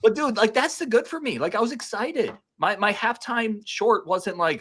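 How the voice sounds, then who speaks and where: A man co-hosting a casual sports podcast, fired up and talking like an excited fan, a few beers in. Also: high-pitched, normal speed, hardly any pauses. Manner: fired-up, animated fan talk. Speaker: podcast co-host.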